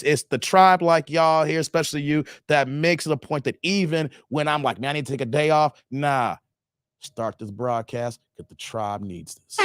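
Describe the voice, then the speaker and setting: A man's voice: mid-range voice, no room sound, studio quality. A man hosting a casual livestream, thanking donors and reading chat, playful and laughing often.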